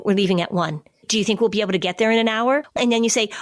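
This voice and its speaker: A woman talking on a podcast, laying out ideas and acting out children's questions as she goes. Her voice sits in a middle pitch. The recording is dry and close, with no room sound. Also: fast talker, no room sound. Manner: explanatory, acts out kids' questions. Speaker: podcast host, anxiety expert. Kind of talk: casual podcast chat.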